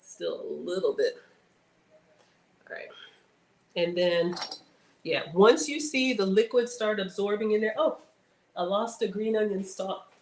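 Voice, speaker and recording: A woman's voice: mid-range voice, a little slow, pauses often, darkish tone, reverberant, a little hiss or hum. A woman hosting a casual cooking livestream, chatting to viewers as she works. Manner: chatty, addresses viewers as y'all; playful outbursts and sing-song bits.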